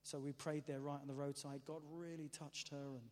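A man shares his testimony from the front of a church hall, his voice sitting a little high and trailing off into a long reverb. He tells his story in an animated, self-mocking way, stumbling and restarting as he goes. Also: fairly quick. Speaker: preacher giving testimony.

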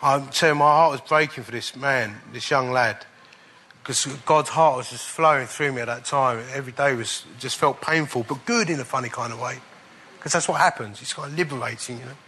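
A man preaching, telling a personal testimony in an animated way and chuckling at the funny parts. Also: mid-range voice, brisk, a little hiss or hum. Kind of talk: storytelling sermon.

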